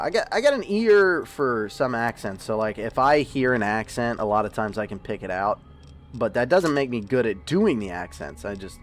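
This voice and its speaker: A man casually commenting on his gameplay for a live stream, joking and rambling to his viewers. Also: on the low side. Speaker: livestreaming gamer.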